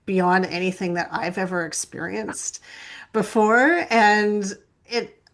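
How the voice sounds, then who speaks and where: Woman podcast host, mid pitch, upbeat, quick to laugh, playfully self-deprecating. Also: a bit bright. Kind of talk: casual podcast interview.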